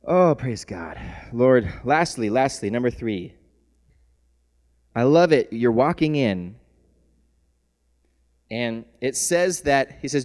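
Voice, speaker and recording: A male pastor preaching a sermon who moves from soft, tender passages to loud shouting and laughs often. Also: medium pitch, animated, slow pace, long pauses. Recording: long hall reverb.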